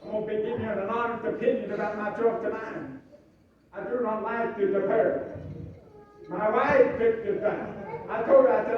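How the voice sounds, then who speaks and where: A man's voice: sits high, steady tone, normal speed. A man preaching a folksy sermon with humorous asides to his congregation. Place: church sanctuary. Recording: echoey church room from a distant mic, dull sound.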